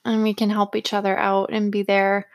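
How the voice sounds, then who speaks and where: A woman's voice: medium pitch, monotone, moderate pace, a little hiss or hum. Chatty young woman podcast host. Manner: chatty, laughs between lines. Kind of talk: casual chat.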